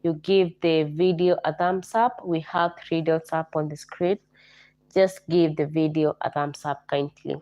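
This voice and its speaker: Hoarse Kenyan woman hosting a livestream. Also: low-pitched, steady tone, unhurried, dark tone, highs cut off. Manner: repeats herself, greets viewers by name. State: hoarse from a flu. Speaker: livestream host. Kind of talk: casual livestream chat.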